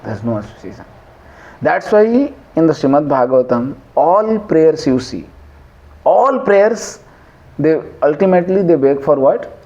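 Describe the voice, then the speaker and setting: A man's voice: on the high side, very animated, unhurried, dark tone, muffled recording. A man giving a devotional scripture class in a conversational way, quizzing listeners and chanting Sanskrit verses. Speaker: lecturer on scripture.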